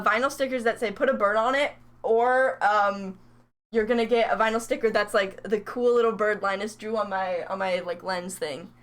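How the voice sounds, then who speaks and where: A young woman talks casually on her live stream while she works on crafts. She rambles and pokes fun at herself. Her voice is bright and a bit high. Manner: rambling, chatty, self-mocking.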